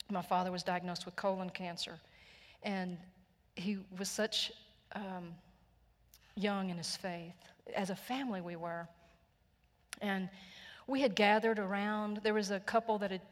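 A woman with a Texan accent preaching a sermon, telling stories earnestly and gently, sometimes dropping to a hushed voice. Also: medium pitch, level tone, unhurried, big-room sound. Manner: gentle, earnest storytelling with soft hushed passages. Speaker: pastor. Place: church sanctuary.

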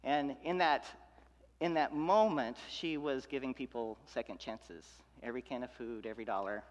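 A man preaching a sermon as pastor, building through repeated phrases and dropping to hushed, tender lines. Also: medium pitch, normal speed. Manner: preaching with rhythmic repetition and swings from loud to hushed. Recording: long hall reverb.

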